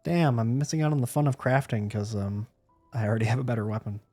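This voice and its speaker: A man's voice: mid-range voice, fast, warm tone, faint music behind. Rambling joking male streamer. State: sleepy, yawning. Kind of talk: casual gameplay commentary.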